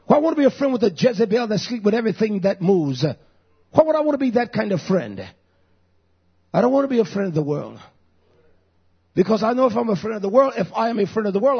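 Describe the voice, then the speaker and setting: Fiery raspy man in his fifties preaching. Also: lo-fi sound. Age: 50s. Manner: swings from hushed low growls to shouting. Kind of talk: fiery sermon.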